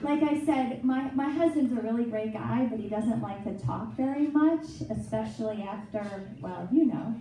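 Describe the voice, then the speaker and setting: A woman's voice: on the high side, normal speed, few pauses. A woman performing a chatty, self-mocking stand-up comedy set on a club stage. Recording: echoey club audio from far off, loud crowd. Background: audience laughter.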